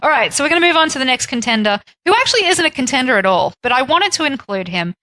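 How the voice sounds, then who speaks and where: A woman's voice: high-pitched, very animated, fast, pushed and bright, no room sound, poor audio. A woman co-hosting a casual podcast, chatty and often laughing. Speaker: podcast co-host. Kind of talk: casual chat.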